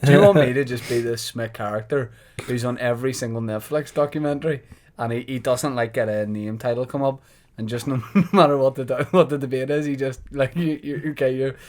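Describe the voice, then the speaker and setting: Brief: jokey podcast co-host, teasing, mid-range voice. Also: male voice, medium pitch, steady tone, fairly quick, a little mellow. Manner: teasing, laughs often. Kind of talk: casual comedic chat.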